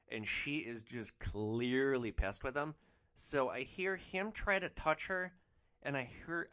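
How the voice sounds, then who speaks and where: A man hosting a podcast, telling a rideshare anecdote in a casual, animated way with casual swearing. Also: mid-range voice. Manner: animated, swearing, frequent "like" fillers. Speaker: rideshare driver podcast host.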